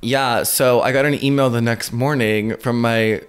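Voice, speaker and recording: Young guy cohost, mid pitch, blunt and kinda sweary, just chatting. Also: fairly even intonation, clear, resonant tone, faint music behind. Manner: blunt, swears, quick reactions. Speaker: podcast co-host. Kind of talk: casual chat.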